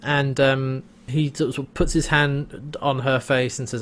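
A man's voice: mid-range voice, level tone, unhurried. Guy recapping a tv episode, laughs a lot, does silly voices for the quotes. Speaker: podcast co-host recapping a TV episode. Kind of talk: casual chat.

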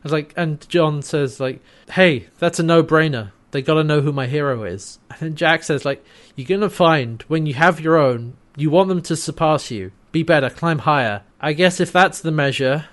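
A man with a slightly higher voice co-hosts a relaxed podcast chat. He recaps an episode scene by scene and quotes the characters' lines softly in between. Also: normal speed. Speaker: podcast co-host.

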